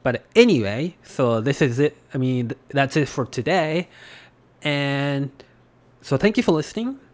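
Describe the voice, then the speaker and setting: A man hosting a relaxed spoken language lesson, talking loosely with frequent fillers and restarts. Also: medium pitch, unhurried. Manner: relaxed, hesitant, many fillers. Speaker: podcast host teaching Japanese.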